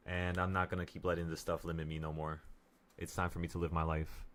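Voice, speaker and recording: A man's voice: low voice, fast talker, slight background noise. A young man from New York talking casually to his viewers, working out trading profits and taxes aloud in a blunt, pumped-up way. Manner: talks through sums aloud, blunt and pumped up. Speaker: trading vlogger.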